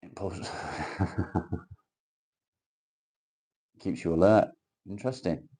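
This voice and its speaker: Guy, low husky dark voice, live-stream host with crude teasing banter. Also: fairly even intonation, extremely slow. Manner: crude, teasing banter, reading viewer comments aloud. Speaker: livestream host. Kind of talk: casual livestream chat.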